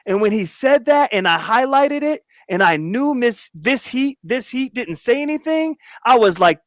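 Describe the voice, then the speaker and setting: Animated man telling a story, dry close mic. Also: very high-pitched, a little slow, hardly any pauses, no room sound. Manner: animated, emphatic retelling of an argument. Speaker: YouTube commentator. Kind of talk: casual livestream storytelling.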